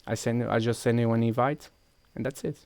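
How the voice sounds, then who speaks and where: A man's voice: medium pitch, flat delivery, fairly quick, gravelly, a little mellow, no room sound. A man with a Portuguese accent streaming a game, walking viewers through each step while he clicks and thinks aloud. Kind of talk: casual live-stream chat.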